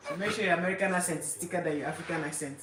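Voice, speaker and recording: A woman's voice: lowish voice, a bit bright. A woman with an Angolan accent chatting casually on a livestream, laughing often and mimicking people mockingly. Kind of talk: casual chat. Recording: echoey room, faint background noise.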